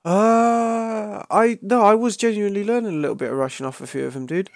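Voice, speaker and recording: A man hosts a casual gaming podcast, laughing and riffing on memes. His voice sits a bit high with a gravelly, fry-laced edge. The sound is dry and close. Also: fairly quick, no echo. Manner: laughing, joking, fond of memes. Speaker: podcast host.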